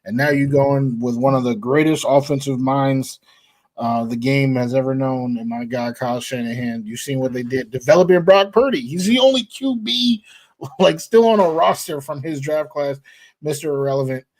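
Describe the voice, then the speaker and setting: A man co-hosting a casual sports talk show, relaxed, laughing easily and hedging with fillers. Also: mid-range voice, normal speed. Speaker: podcast co-host.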